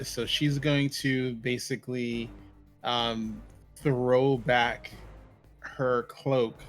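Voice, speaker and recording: Man, tabletop player, flat monotone, slow, hesitant, lots of fillers. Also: mid-range voice. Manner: hesitant, thinking aloud with many fillers. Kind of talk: tabletop role-play.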